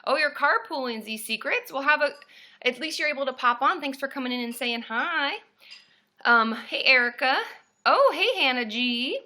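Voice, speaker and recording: A woman therapist hosting a casual live stream from a room at home, greeting viewers by name and breaking into loud cheers. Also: high voice, lively intonation, moderate pace.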